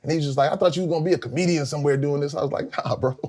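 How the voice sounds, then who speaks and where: An older man from South Carolina, a guest musician telling lively stories in an interview, acting out voices and laughing often. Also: on the high side, rapid-fire, a crowd in the background. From Columbia, South Carolina. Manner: animated storyteller, acts out voices, laughs often. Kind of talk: storytelling interview.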